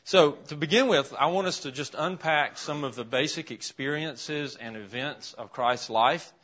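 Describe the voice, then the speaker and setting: A man's voice: on the high side, normal speed, fairly bright tone. A man teaching an interactive Bible lesson in a classroom, asking his class questions as he writes a list on the board. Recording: dull, lo-fi classroom recording.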